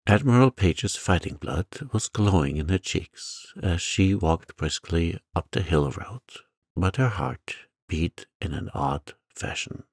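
A man reading a sleep story aloud in a soft-spoken, soothing way. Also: low voice, animated, takes it slowly, vocal fry, husky, no echo, clean studio sound. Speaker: narrator.

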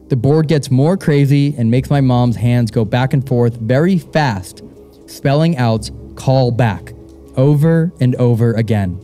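Young man, live host, dark mellow voice, rambles and laughs a lot, soft music under it. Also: medium pitch. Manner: rambling, repeats words, laughs often. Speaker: co-host of a live paranormal show. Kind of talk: casual live stage chat and reading aloud. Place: live show in a castle venue.

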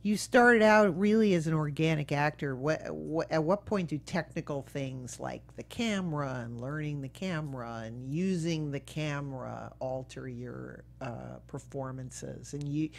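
A woman's voice: sits low, unhurried, creaky, few pauses, a little hiss or hum. A woman hosting an interview, asking questions in a conversational way. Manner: conversational, asks questions with fillers and restarts. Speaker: interviewer and show host. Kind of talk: casual interview chat.

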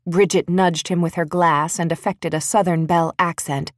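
A woman narrating an audiobook in an expressive, wry storytelling manner. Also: on the low side, normal speed, no room sound, studio quality.

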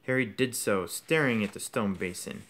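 A man's voice: lowish voice, normal speed, fairly bright tone. A man reading a novel aloud as an audiobook, telling the story expressively. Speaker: audiobook reader.

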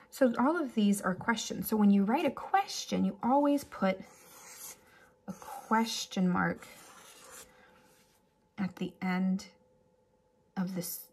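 A woman teacher giving a relaxed, chatty remote lesson to children, with animated examples and little asides. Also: medium pitch, slightly rough.

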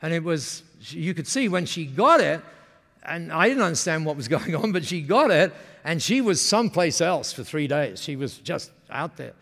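Brief: man, keynote speaker, upbeat storytelling, fairly high voice, long hall reverb. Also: big pitch swings, moderate pace, vocal fry, a bit bright. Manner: enthusiastic, asks the audience questions. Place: large conference hall.

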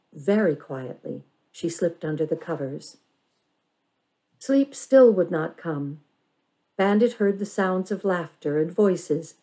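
A woman reads a children's novel aloud, her voice lower than most and soft, warm and mellow. She paces the story carefully and gives it expression. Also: rough recording. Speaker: reader.

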